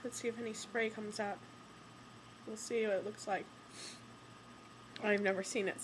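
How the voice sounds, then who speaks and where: A woman's voice: medium pitch, steady tone, moderate pace, noisy background. A woman chatting casually on camera with a stuffy nose, laughing between her words. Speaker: vlogger. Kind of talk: casual chat.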